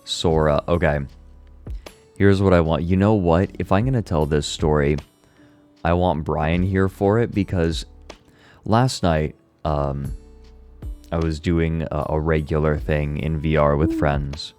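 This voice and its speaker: Super low-voiced guy on stream, unhurried, a bit hoarse, chill and sweary. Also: faint music behind. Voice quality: slightly hoarse relaxed voice. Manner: relaxed, laid-back, swears casually, chuckles often. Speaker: livestreamer. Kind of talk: casual livestream chat with viewers.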